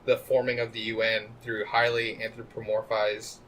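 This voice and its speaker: A man's voice: fairly low pitch, completely flat delivery, normal speed, a bit bright, a little hiss or hum. A man co-hosting a podcast, chatting casually and rambling with frequent restarts. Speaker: podcast co-host. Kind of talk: casual chat.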